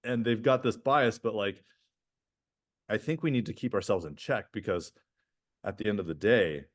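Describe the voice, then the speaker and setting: A man's voice: lowish voice, normal speed. A man co-hosting a podcast, chatting casually and animatedly, restarting sentences and tagging them with "right?". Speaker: podcast co-host.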